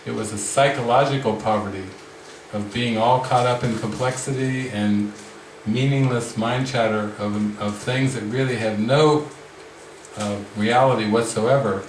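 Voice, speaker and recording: A man leading a spiritual retreat discussion, speaking slowly and reflectively with frequent restarts. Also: medium pitch, fairly even intonation, a little hiss or hum. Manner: slow, reflective, many restarts. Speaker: spiritual teacher. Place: retreat room with a group. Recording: roomy sound from the mic's distance.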